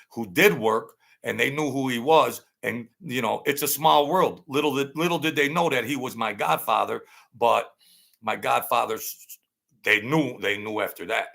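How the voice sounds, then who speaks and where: An older man spins a rambling tale, circling back and repeating himself in street slang. His voice is heavily gravelly with a bright, forceful edge. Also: medium pitch. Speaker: channel host. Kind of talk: casual storytelling.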